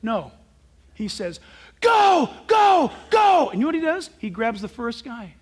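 A male pastor preaching a sermon in an animated way, asking rhetorical questions and breaking into sudden shouts. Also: sits high, normal speed, slight background noise.

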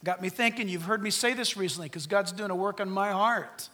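A middle-aged man preaching a sermon as pastor, animated, swinging from loud peaks to hushed asides. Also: sits high, a little fast.

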